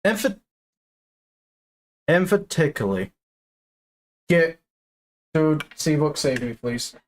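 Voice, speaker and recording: In a casual let's-play, a woman jokes and swears as she reads aloud and voices the lines of a story game. Her voice is low-pitched and animated, and she takes her time.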